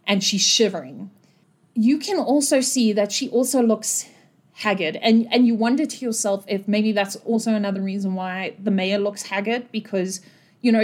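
Woman gm narrating a tabletop scene, chatty and rambly. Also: mid-range voice. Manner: conversational, rambling with fillers. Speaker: game master.

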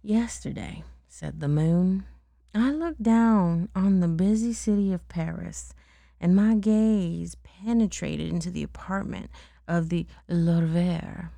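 Woman, gravelly low voice, mellow tone, casual bedtime storybook reading, dry close sound. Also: no echo. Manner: pauses to check words and laugh at her own slips.

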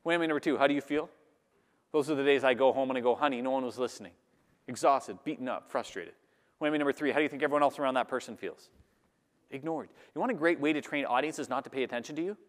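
A man giving a lively talk to a live audience, acting out the voices of the people he describes. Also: mid-range voice, fast. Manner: animated, acts out audience voices. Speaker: public speaker. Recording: long hall reverb.

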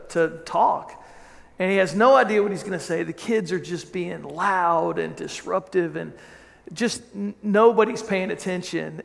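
Man, pastor, high gravelly voice, chatty storytelling sermon, restarts sentences, long church-hall reverb. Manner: conversational storytelling with frequent restarts.

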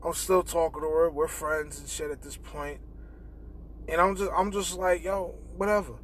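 A young man hosting a podcast, telling a profane, animated story in casual chat and acting out the dialogue. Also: fairly high pitch, moderate pace, a little hiss or hum. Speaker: podcast host. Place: in a car.

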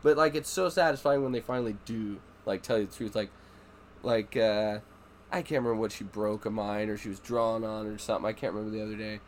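A man's voice: fairly low pitch, steady tone, fast talker. A man chatting casually as a podcast host, peppering his stories with swearing. He slips into his children's voices when retelling moments with them. A faint hiss sits under the recording. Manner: swears a lot, acts out his kids' voices. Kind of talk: casual chat.

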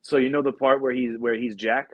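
A man's voice: medium pitch, fairly even intonation, fairly quick, fairly bright tone, dry recording, lo-fi sound. Podcast host, young man, slangy and profane, close dry sound. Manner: slangy, profane storytelling with many fillers. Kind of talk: casual chat.

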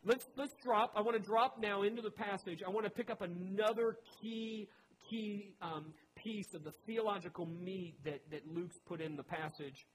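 A man's voice: high voice, a little hiss or hum, rough recording. A man preaching a teaching sermon in a chatty way, with joking asides to his listeners. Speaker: pastor.

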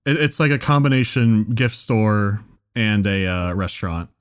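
A man's voice: lowish voice, expressive, normal speed, clear, resonant tone. A man telling a long story in casual chat, rambling and full of fillers.

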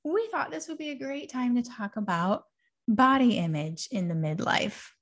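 A woman's voice: a little high, lively intonation, normal speed, a bit bright. A woman in her forties hosting a podcast, chatting casually and reflectively, laughing now and then as she talks. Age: 40s. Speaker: podcast host.

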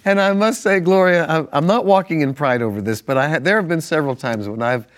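A man's voice: fairly high pitch, fast talker. A man co-hosting a Christian broadcast, teaching from the Bible in an earnest, conversational way and reading verses with rising emphasis. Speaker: pastor, co-host. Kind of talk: Bible teaching in casual studio chat.

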